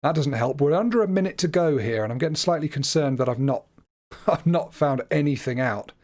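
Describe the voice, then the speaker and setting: A British man chats his way through a guessing game on a livestream, teasing himself and laughing often. His voice sits a little high for a man, and his delivery is relaxed and conversational. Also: a little fast. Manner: chatty, self-deprecating, laughs often. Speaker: streamer. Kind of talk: casual livestream game commentary.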